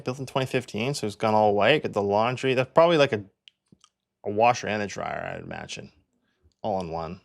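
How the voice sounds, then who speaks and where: Chatty gravelly-voiced man touring listings. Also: medium pitch. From Canada. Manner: chatty, thinks aloud, frequent fillers. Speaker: real estate agent. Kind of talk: casual listing walkthrough.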